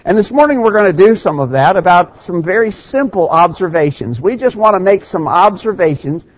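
A man preaches to his congregation in a plain, conversational way, slipping into dry irony before reading scripture aloud. His voice sits a little high for a man. The church recording sounds dull and lo-fi. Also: expressive, fairly quick. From Middle Tennessee. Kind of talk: sermon. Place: church sanctuary.

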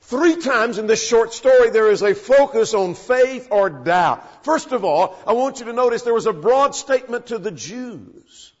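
A man preaching an expository sermon, retelling the text with emphatic rises and soft drops. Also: very high-pitched, lively intonation, moderate pace, few pauses. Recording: dull lo-fi recording in a reverberant church hall.

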